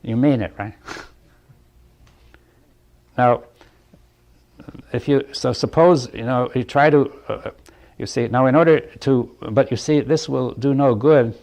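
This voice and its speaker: Man, reflective group talk, mid-pitched, halting phrases, frequent "right?". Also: a little mellow. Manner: thoughtful, halting, often asks "right?"; chuckles lightly between points. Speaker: speaker leading a group dialogue.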